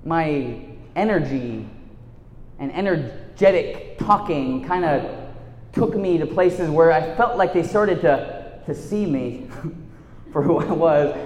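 A man giving a storytelling sermon, swinging from lively tales to a hushed, earnest tone. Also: fairly high pitch. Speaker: youth speaker and teacher. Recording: echoey hall with long reverb.

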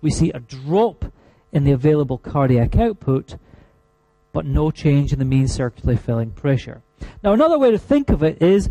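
Scottish male lecturer, mellow, dry close sound, emphatic with wry asides. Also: medium pitch, dry recording. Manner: emphatic, repeats key terms slowly, dry asides. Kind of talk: university lecture.

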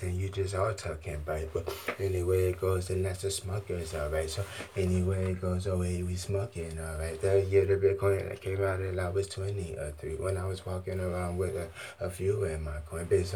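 Man, very low voice, rambling profane freestyle talk, arena stage, handheld mic, faint background hum. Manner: profane, free-associating, bursts into shouting. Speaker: stage performer.

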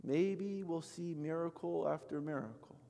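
Man, pastor, sermon, high voice, storytelling with quoted voices, long church reverb. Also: unhurried, creaky. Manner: storytelling with animated quoted voices, swinging from loud to soft. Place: church sanctuary.

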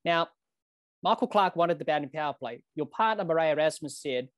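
A man's voice: on the high side, animated, brisk, no room sound, studio quality. Man hosting a podcast interview. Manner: reads long setups, addresses the guest by name. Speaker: podcast host.

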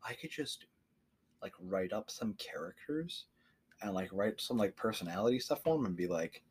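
A man co-hosting a podcast, chatting casually in halting speech full of fillers. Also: lowish voice, animated, slightly rough. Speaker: podcast co-host. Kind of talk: casual chat.

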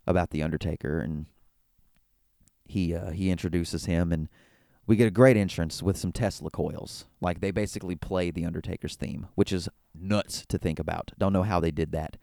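A man's voice: sits low, gravelly, mellow, dry recording, clean studio sound. A man hosting a solo wrestling talk show, recapping an event in an enthusiastic, rambling way with frequent restarts. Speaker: wrestling podcast host. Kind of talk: casual solo commentary.

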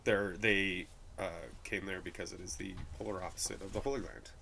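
A man's voice: low voice, steady tone, fairly quick, creaky, pushed and bright, slight background noise. A man from New Mexico, a brewery guide, chatting casually and laughing easily between many fillers. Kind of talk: casual conversation.

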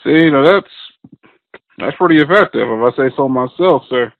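A man's voice: mid-range voice, lively intonation, moderate pace, vocal fry, phone-quality sound, a little hiss or hum. A man hosting a podcast, chatting casually and agreeing easily with his guest. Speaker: podcast host.

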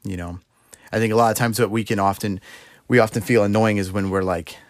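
A man's voice: lowish voice, steady tone, a little fast, no echo, studio quality. A young man giving an earnest, conversational devotional talk, often adding "you know" as he explains. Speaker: Christian speaker.

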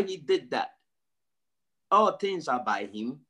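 A male pastor preaching a sermon, emphatic, repeating his phrases and swinging from low and quiet to high and loud. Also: big pitch swings, slow, slightly rough. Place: church service.

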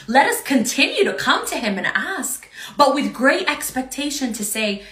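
A woman's voice: sits high, big pitch swings, moderate pace, few pauses, bright, forceful tone, roomy sound. A woman in her thirties preaching a sermon, earnest, often asking "right?" as she quotes scripture.

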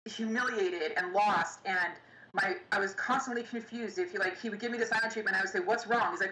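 Interview guest, woman, young, bright and forceful voice, halting delivery, roomy echo. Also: medium pitch. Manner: halting, pausing often, recounting painful memories. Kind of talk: personal storytelling. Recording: echoey room with faint ambience.

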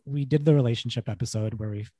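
A man's voice: mid-range voice, quick pace, mellow, no room sound. Young man telling a rambling story. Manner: rambling storyteller, swears, laughs often. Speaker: podcast co-host. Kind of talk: casual chat.

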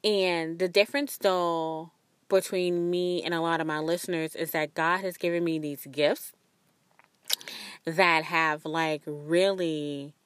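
A fairly low-pitched young woman hosting a spiritual podcast in a dry, close recording. She talks in an earnest, rambling, confiding way, looping back on her own phrases as she goes. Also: steady tone, slow pace, smooth, no echo. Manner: acts out quoted voices with sudden high pitch jumps. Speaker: podcast host.

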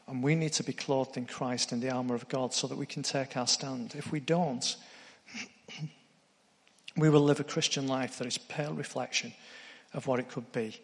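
A man's voice: medium pitch, long reverb tail. A man preaching a sermon, earnest, putting direct questions to his congregation.

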